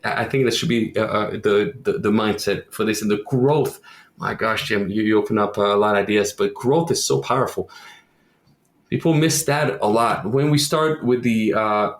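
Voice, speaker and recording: A Quebec man who owns a roofing company chats in a casual podcast interview, speaking at a moderate pace in a rather low voice. The sound is roomy, and he tells his stories with animation, acting out the voices he quotes.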